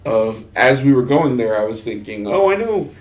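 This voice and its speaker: A man's voice: medium pitch, sing-song. Chatty Texan-raised man telling stories. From Texas. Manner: halting, restarts often, laughs while telling stories. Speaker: podcast co-host. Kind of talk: casual chat.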